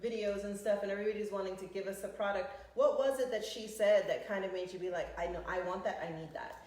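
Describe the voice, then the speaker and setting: A woman's voice: mid-range voice, fast talker. Chatty woman host, very echoey room. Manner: warm affirmations, bursts of excited laughter. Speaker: host, realtor. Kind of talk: casual interview.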